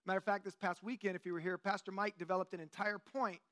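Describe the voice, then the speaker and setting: A man in his late forties giving a relaxed, joking sermon to a church group in a conversational way, with plenty of fillers. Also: high-pitched, fast talker. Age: 40s. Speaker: lay teacher. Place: church meeting room.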